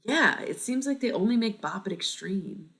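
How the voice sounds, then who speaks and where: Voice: medium pitch, animated, normal speed, fairly bright tone. A streamer around thirty chatting casually with viewers, thinking aloud and swearing freely. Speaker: live streamer.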